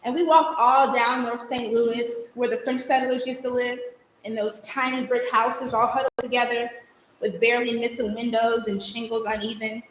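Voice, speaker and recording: In an echoey live stage recording with a bit of hiss or hum, a young actress plays a spirited girl remembering her childhood through vivid, rhythmic storytelling. Her natural voice is a little high, with little pitch movement, at a moderate pace.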